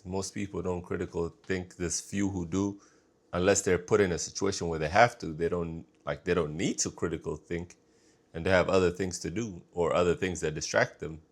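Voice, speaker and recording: Man, lowish voice, casual reaction host, musing, trails off quietly, repeats himself. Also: husky.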